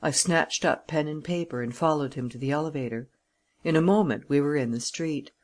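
An audiobook reader narrates a period novel in the first person. The delivery is steady and even, the voice at a middling pitch. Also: fairly quick.

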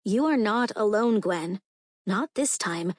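A woman's voice: mid-range voice, lively intonation, slow pace, no echo, clean studio sound. Woman reading a fierce, firm queen sister. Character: commanding, protective vampire queen sister.

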